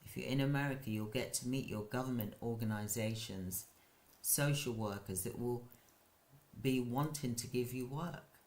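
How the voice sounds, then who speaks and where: A man who runs a care business, hosting a live stream and giving casual advice in a slow, halting way with frequent restarts. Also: mid-range voice, darkish tone.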